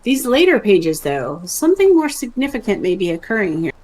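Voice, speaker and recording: A formal quest-giver's orders come through read aloud by a woman. The voice is even and mid-pitched, lightly wry rather than acted. A faint hiss of noise sits under it. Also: fairly quick, close to an everyday voice, rough recording.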